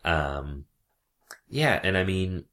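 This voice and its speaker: Man, low voice with a bright edge, very lively, laughs a lot; casual actor chat. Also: extremely slow. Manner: laughs often, loose and joking. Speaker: actor looking for work.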